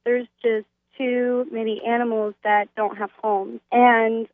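Female phone-in guest, chatty and filler-heavy, fairly high voice on a tinny line. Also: little pitch movement, takes it slowly. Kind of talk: phone interview.

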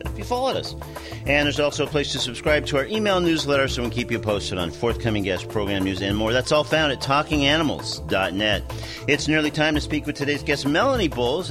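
Lively-voiced male radio host. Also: mid-range voice. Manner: relaxed, with frequent uh fillers. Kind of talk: radio show hosting.

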